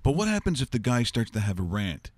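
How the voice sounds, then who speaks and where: A man's voice: medium pitch, sing-song, fairly quick, dry recording. A man hosting a sports talk show, chatting casually and telling stories with a joking touch. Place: studio.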